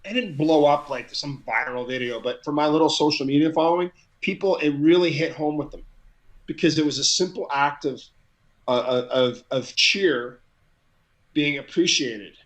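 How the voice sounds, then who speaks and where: A man's voice: a little high, moderate pace, rough recording. A middle-aged man, a guest on an interview show, tells a story casually and with energy, often repeating words as he gets going. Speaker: guest, crowd hype man.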